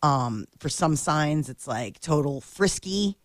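A woman's voice: low voice, lively intonation, slow pace, no room sound, clean studio sound. A woman co-hosting a radio show, chatting casually with many fillers and easy giggles. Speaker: radio co-host. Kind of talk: casual morning radio chat.

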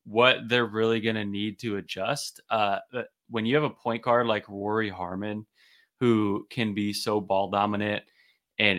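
A man's voice: on the low side, bright, forceful tone. A man co-hosting a casual sports podcast, enthusiastic and analytical, often repeating words as he thinks. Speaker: podcast co-host.

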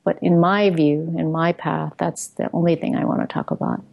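A woman's voice: low voice, steady tone, normal speed, creaky, lo-fi sound. A middle-aged woman who works with outreach workers, speaking earnestly as a guest and often restarting her phrases as she searches for words. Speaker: guest, outreach work leader. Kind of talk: reflective conversation.

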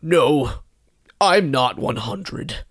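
A man's voice: on the high side, lively intonation, extremely slow, no room sound, clean studio sound, full character voice. A man doing an old man reading his dating profile. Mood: earnest.

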